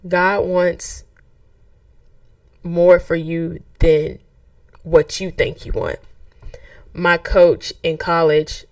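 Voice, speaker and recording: A young adult woman hosting a faith podcast, talking in a lively, conversational way and acting out quoted voices. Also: lowish voice, very slow, long pauses, dry recording, clean studio sound, distant mic. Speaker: podcast host; track coach.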